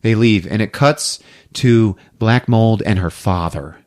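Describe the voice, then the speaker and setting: A man's voice: lowish voice, slow pace, darkish tone. A man hosting a podcast, recapping a movie in casual chat, laughing often and acting out characters' lines. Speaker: podcast host.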